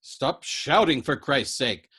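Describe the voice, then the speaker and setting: A man's voice: lowish voice, fairly quick. A man voicing a wary, exasperated young male bombardier who talks in urgent bursts in a storybook reading. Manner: urgent, exasperated, trying to hush.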